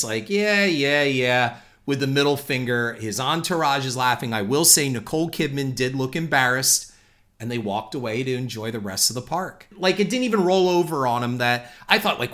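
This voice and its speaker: Man, mid-pitch, lively storyteller talking straight to the audience. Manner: animated, conversational, addresses listeners as folks. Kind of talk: storytelling anecdote.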